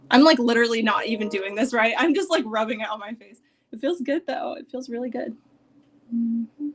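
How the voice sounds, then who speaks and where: A young woman chatting on a casual live stream from home, rambling with lots of "like" and sometimes dropping to a soft near-whisper. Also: fairly high pitch, fairly quick, a little hiss or hum. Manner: chatty and rambling, heavy use of "like". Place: home, at her desk with her dog nearby.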